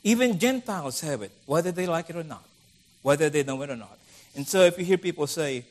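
Animated preacher man, fairly high voice. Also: brisk. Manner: conversational, animated, acts out quoted voices. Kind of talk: sermon.

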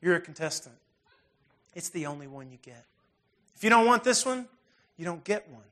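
A man with a notably high voice preaches a sermon in an easygoing, conversational manner. He talks plainly and earnestly, like a pastor speaking straight to his congregation. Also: animated, normal speed, fairly bright tone.

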